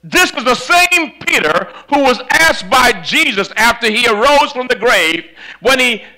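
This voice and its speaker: A man preaching a sermon, telling a story in a dramatic way that swings from loud to hushed, on a microphone that cuts in and out. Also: very high-pitched, sing-song, a little slow, low-quality recording. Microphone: handheld or stand mic that cuts out.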